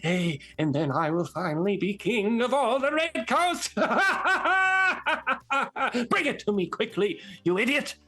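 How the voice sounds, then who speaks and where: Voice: medium pitch, expressive, moderate pace, few pauses, fairly bright tone, faint music behind, pitched above the performer's own voice. A game master putting on a pompous goblin wizard lord. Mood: imperious. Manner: imperious, insulting, scolding.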